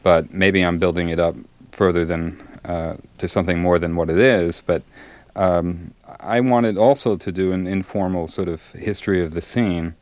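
A middle-aged man, a novelist, answering interview questions thoughtfully with many pauses and fillers, and reading from his book. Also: deep voice, steady tone, no room sound.

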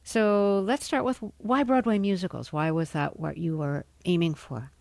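A woman radio interviewer asking a guest questions in a measured, thoughtful way. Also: fairly low pitch, gravelly, darkish tone, no room sound.

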